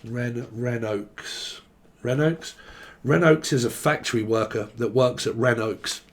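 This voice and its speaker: A man's voice: mid-range voice, slow pace. A man giving a casual tarot reading who rambles playfully, acts out quoted voices and swears freely. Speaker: tarot reader.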